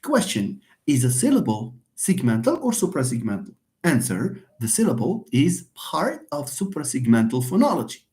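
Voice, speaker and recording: Speaking at a normal speed with a lively pitch, a male linguistics lecturer delivers a live online lecture on phonetics. He calls his viewers friends and greets them by name, often repeating points and answering questions he raises himself.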